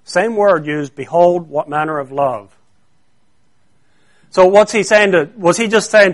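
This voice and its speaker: A man's voice: sits high, normal speed. A man preaching a sermon, explaining a Bible word in an earnest way that grows more intense when he stresses a point.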